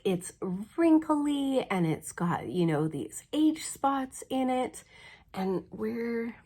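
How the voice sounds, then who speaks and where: A woman's voice: fairly low pitch, darkish tone. A woman vlogger telling a story in casual chat, acting out her own reactions with lots of fillers. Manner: chatty with many fillers. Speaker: cross stitch vlogger.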